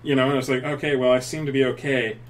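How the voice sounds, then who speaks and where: A man's voice: mid-range voice, flat delivery, racing. A man co-hosting a casual chat, jumping in with his own stories. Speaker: podcast co-host. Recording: distant mic with faint noise.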